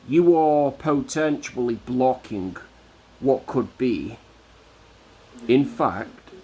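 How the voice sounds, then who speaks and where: Slow, combative man ranting defiantly. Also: medium pitch, a little mellow, slight background noise. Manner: slow, deliberate, combative, drawn-out emphasis. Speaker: vlogger. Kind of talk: defiant religious rant to camera.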